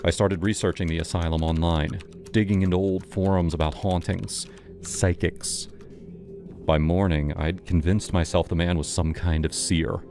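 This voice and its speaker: Guy with a super deep voice telling a horror story, slow and dramatic, music going behind him. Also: fairly even intonation, a little mellow. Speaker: narrator. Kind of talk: first-person horror story narration.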